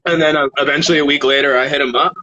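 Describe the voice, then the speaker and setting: A man from Canada, a guest rapper, telling casual stories in an animated, swearing way. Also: fairly high pitch, rapid-fire, muffled recording, over a noisy crowd. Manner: animated, swearing, laughs between phrases. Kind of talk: casual storytelling.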